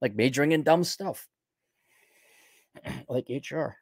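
A man from Milwaukee, Wisconsin, with an Upper Midwest accent, hosts a podcast of casual livestream commentary, reading viewer donations and answering bluntly with firm opinions and mock voices. He speaks slowly in a gravelly, slightly mellow medium-pitched voice without echo.

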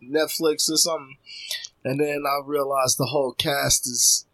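A man's voice: medium pitch, steady tone, a little slow, fairly bright tone, poor audio. A man co-hosting a podcast, laid-back and chatty, laughing along in casual banter. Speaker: podcast co-host.

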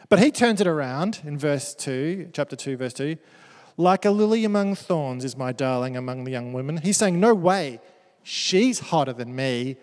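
Joking preacher man in a reverberant hall. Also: fairly high pitch. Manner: animated and joking, reads verses aloud with playful asides. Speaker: pastor. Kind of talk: sermon. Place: church hall. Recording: church hall with long reverb.

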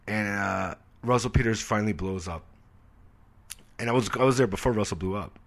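A man in his forties tells stories in a relaxed interview, his voice sitting on the low side. He is animated and swears freely, and he slips into other people's voices as he tells them. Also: a little fast, creaky. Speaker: comedian guest. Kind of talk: casual storytelling interview.

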